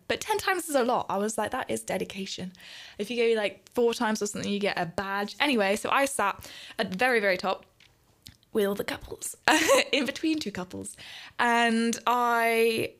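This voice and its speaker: A young woman chats casually as a student radio host. She rambles from one thing to the next and laughs often. Her voice sits a little high. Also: fairly bright tone. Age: young adult. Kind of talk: casual chat.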